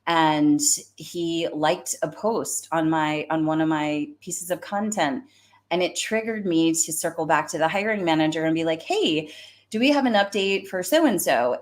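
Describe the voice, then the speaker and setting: A woman with a Southern US accent hosting a solo live stream on career advice. She talks like a recruiter, chatty and fired up, with plenty of fillers. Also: low voice. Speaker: host, recruiter.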